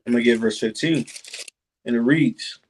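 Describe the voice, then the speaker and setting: A man in an informal bible study who reads verses aloud slowly and deliberately, then explains them in casual talk. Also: mid-range voice, low-quality recording.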